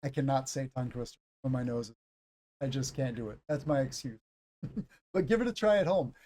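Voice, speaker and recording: A man teaching English pronunciation on a live stream, explaining slowly, demonstrating sounds and joking, with a bit of sinus congestion. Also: medium pitch, warm tone, slight background noise.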